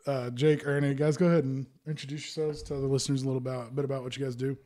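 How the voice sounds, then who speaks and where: A man's voice: medium pitch, flat delivery, very fast, mellow. A young man hosting a casual podcast, joking around, laughing often and rambling between points. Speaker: podcast host.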